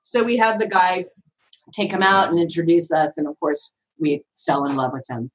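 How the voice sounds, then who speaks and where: A woman podcast guest telling a story in a chatty, animated way, often acting out voices with big swings in pitch. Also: moderate pace, low-quality recording. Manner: chatty, frequent fillers like "like" and "right?". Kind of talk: casual storytelling.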